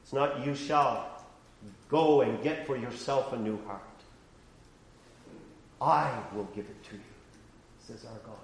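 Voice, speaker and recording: Man, pastor, sermon, slow delivery, roomy church echo. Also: mid-range voice. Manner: preaching with sharp swings from hushed to loud.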